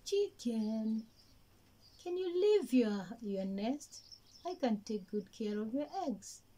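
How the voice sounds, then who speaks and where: A woman voicing an eager, anxious little rabbit in a children's story, speaking high and pleading. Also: animated, slow pace, dark tone.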